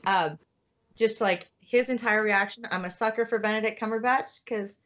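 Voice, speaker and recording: A woman's voice: medium pitch, normal speed, fairly bright tone. A woman on a podcast, chatting casually and hesitantly with many fillers. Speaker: podcast co-host. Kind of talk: casual chat. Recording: dull lo-fi audio.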